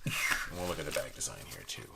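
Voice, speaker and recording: Deep male voice, rambling casual card reviewer, slight background hiss. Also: lively intonation, fast talker, gravelly. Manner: rambling, chatty, lots of fillers and asides. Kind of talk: casual rambling review while handling cards.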